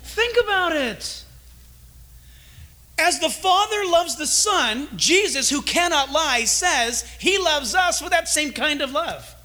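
A man's voice: very high-pitched, animated, slow pace, pushed and bright. A man preaching a sermon as a pastor, emphatic and full of storytelling.

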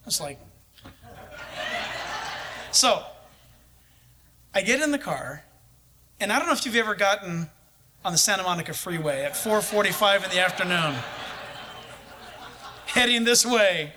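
A male preacher telling a lively personal story during a sermon, chuckling now and then. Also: high voice, unhurried, long pauses, slight background noise.

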